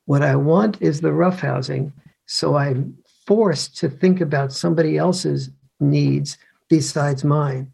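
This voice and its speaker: Brief: older male author, gravelly fry, slightly high pitch, hesitant restarts. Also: takes it slowly, darkish tone. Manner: hesitant, full of restarts, acts out scenes. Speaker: author and guest. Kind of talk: conversational explanation.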